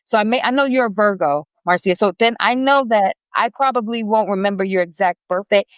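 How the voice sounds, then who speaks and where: A woman's voice: mid-range voice, brisk, dry recording. A woman guest on a business podcast, chatting in a rambling, friendly way with many restarts. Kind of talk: casual interview chat.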